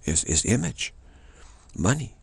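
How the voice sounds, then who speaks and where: Husky gravelly guy rambling a spiritual talk, doing little voices for people in his stories, dry sound. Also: on the low side, big pitch swings, unhurried, no room sound. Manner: rambling storytelling, acts out quoted voices. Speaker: spiritual teacher.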